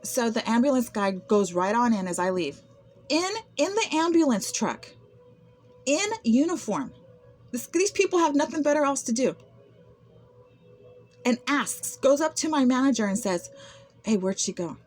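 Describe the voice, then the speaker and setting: A woman with a somewhat high voice speaks straight to the camera in an unscripted personal monologue. She sounds aggrieved and keeps stumbling into repeated words and fresh starts as she goes. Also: lively intonation, moderate pace, long pauses, a little mellow, faint music behind. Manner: aggrieved, with frequent word repetitions and restarts. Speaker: vlogger recounting personal experiences.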